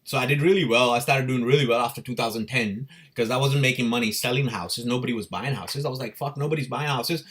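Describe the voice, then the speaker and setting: A man's voice: medium pitch, quick pace, few pauses, slight background noise. Casual man telling his own story. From India. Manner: animated, swearing, laughs often. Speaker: crypto livestream host.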